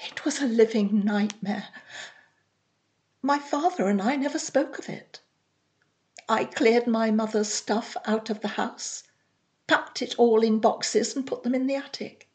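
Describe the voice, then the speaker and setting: A woman reading a story aloud in a measured, plain storytelling manner. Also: fairly high pitch, darkish tone. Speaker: reader. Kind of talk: audiobook narration.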